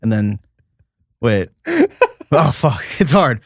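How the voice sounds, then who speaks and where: A man's voice: mid-range voice, expressive, takes it slowly, no room sound, studio quality. A young man from Vermont, a comedian guest chatting casually and rambling with lots of fillers. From Vermont, USA. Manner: rambling, filler-heavy, laughs often. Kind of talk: casual podcast chat.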